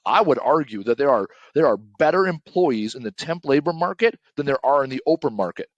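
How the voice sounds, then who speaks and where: A man's voice: mid-range voice, expressive, brisk, no room sound, highs cut off. A man talking casually as a podcast guest, blunt and emphatic, swearing and tagging lines with "right?".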